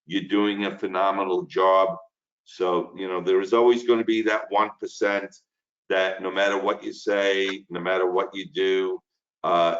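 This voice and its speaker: A man's voice: on the low side, fairly bright tone, muffled recording. A man in his sixties with a Brooklyn New York accent, an instructor making talkative, earnest small talk before a webinar. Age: 60s. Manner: talkative, folksy, earnest, rambling asides. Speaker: insurance course instructor.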